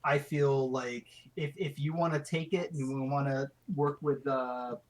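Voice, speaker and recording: A man's voice: mid-range voice, steady tone, a little slow. Hesitant man player, stammering restarts. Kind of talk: casual tabletop game chat.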